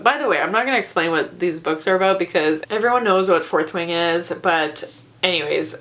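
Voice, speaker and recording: A woman's voice: medium pitch, fairly bright tone. A woman reviewing books in a casual vlog, ranting in an exaggerated way and laughing often. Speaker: book reviewer.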